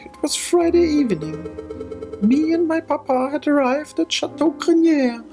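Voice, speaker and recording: A man voicing an excitable young female cat noblewoman in a high, breathless, chirpy way while reading a game aloud. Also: moderate pace, gravelly, soft background music, heavily acted. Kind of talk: let's play voice reading.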